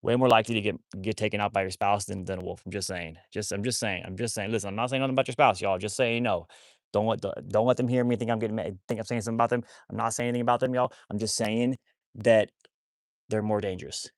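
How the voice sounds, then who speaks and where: Fast-talking man on a livestream. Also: lowish voice, steady tone, no echo, studio quality. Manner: rambling, repeats himself, talks to viewers as y'all. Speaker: wolfdog rescue livestreamer. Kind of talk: casual livestream chat. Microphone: phone livestream.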